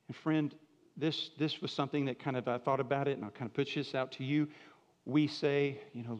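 A man preaching a sermon as pastor, conversational and emphatic, moving between soft, quiet phrases and louder, raised ones. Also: medium pitch, steady tone, a little fast, in a large hall, highs cut off.

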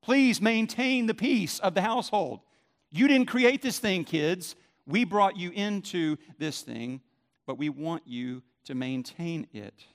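A man's voice: high-pitched, lively intonation, slow, in a large hall, full character voice. A man putting on the voice of weary parents pleading with their children.

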